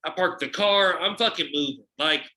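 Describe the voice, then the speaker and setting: A man swaps stories on a podcast, animated and loose with his swearing, bringing the other people in his tales to life. His voice is bright and forward. The room around him rings with echo. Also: on the high side, moderate pace. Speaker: podcast guest and delivery driver. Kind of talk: casual storytelling. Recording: echoey room.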